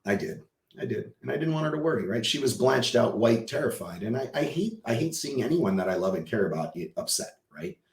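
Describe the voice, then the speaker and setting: A man, a podcast guest, telling a personal story with emotion and acting out the dialogue, swinging from hushed to loud. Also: mid-range voice, expressive, brisk, roomy sound. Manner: vivid storyteller who acts out quoted dialogue.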